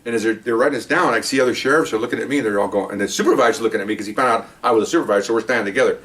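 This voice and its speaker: An older man, a retired police supervisor, telling a cop story in a casual monologue and loudly acting out his own past lines. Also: mid-range voice, very fast, recorded from a distance. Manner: animated, acts out his own yelling in quoted lines.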